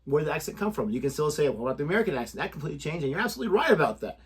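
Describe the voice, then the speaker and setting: Animated joking man with a husky voice. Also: on the high side, very fast. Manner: animated, joking, laughs often. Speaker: reaction channel co-host. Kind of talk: casual reaction chat.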